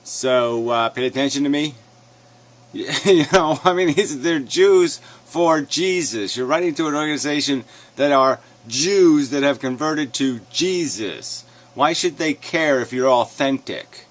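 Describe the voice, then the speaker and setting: A man's voice: mid-range voice, animated, unhurried. A man ranting in a sarcastic, mocking tone, swearing often and chuckling as he reacts to a clip. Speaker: commentator. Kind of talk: profane rant reacting to a clip.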